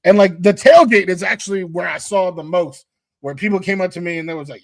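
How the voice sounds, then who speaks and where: A man's voice: sits high, fairly quick, gravelly, dry recording. A man co-hosting a casual sports talk show, laid-back and slangy. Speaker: podcast co-host.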